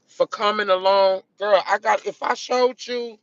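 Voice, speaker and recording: A woman's voice: medium pitch, steady tone, a little slow, dry recording, lo-fi sound. A woman chatting casually to her viewers on a live stream from a car, emphatic and repetitive, calling them baby, honey and girl.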